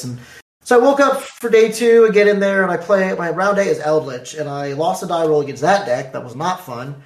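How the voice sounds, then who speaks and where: A man's voice: high-pitched, normal speed, echoey room. A man casually telling the story of his card game tournament, acting out the back-and-forth with opponents and judges. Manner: animated, acts out quoted exchanges.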